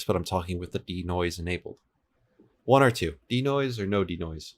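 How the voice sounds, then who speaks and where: A low-pitched, animated voice at normal speed belongs to a young man in his twenties livestreaming from home. He works on a game server while chatting casually and answering viewer comments, with an air conditioner going and two desk microphones he switches between.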